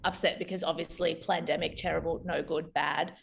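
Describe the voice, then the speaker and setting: A woman's voice: sits low, fairly even intonation, a little fast, gravelly. Woman, co-host; candid, easy laughs, faint background noise. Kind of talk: casual chat.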